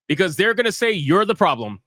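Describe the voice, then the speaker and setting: A man riffs on a live gaming stream, blunt and profane, mocking his rivals with emphatic jabs. His voice sits high and sounds bright and forceful. The sound is dry and close. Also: big pitch swings, a little fast, no room sound. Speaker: streamer host.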